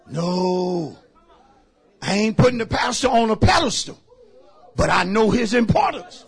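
A pastor preaching a sermon in a church, shouting lines for the congregation to repeat and then dropping into quiet asides. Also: male voice, high voice, expressive, normal speed, slightly rough, some chatter behind. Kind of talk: shouted call-and-response sermon. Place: church sanctuary.

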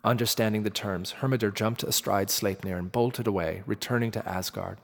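A man narrating a myth in a measured, dramatic storytelling manner. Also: lowish voice, fairly even intonation, creaky. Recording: long reverb with faint music.

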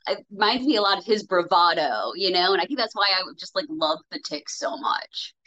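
A woman's voice: on the low side, lively intonation, fairly quick, bright, forceful tone, dull audio. A woman in her thirties or forties from Minnesota, a podcast guest chatting casually and enthusiastically with lots of fillers. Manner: enthusiastic, rambling with many fillers. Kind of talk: casual chat.

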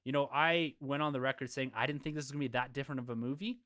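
A man on a podcast panel, giving a measured, analytical review of a film in casual conversation. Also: mid-range voice, fairly bright tone.

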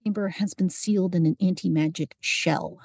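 A smug, callous boy running the game, as a woman narrator puts him on. He speaks in an offhand, mocking way, shrugging off blame. The voice is low and husky with a gravelly edge, heard close and dry. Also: steady tone, moderate pace, a little mellow, no room sound. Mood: solemn.

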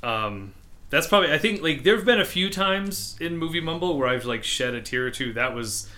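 Bright-voiced man rambling on a podcast. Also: on the high side, lively intonation, a little fast. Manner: rambling, swears freely, emotional. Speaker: podcast co-host. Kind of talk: casual chat.

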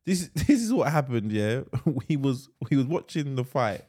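A man's voice: medium pitch, big pitch swings, normal speed, warm tone, husky. A man co-hosting a casual podcast, laughing often and repeating himself as he talks. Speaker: podcast co-host. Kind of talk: casual chat.

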